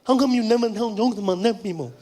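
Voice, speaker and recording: A pushy, cheerful deaf young fan, as a male comedian puts him on in a stand-up routine. He is loud and blunt and keeps pressing his point in a high voice, with faint background noise. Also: fast, lightly acted. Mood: insistent.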